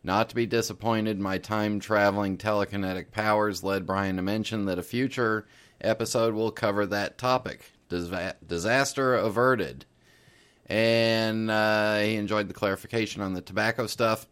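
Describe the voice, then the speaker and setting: A man's voice: on the low side, steady tone, moderate pace, a bit bright, clean tone. A man hosting a podcast, casually reading listener letters aloud with the odd filler. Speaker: podcast host.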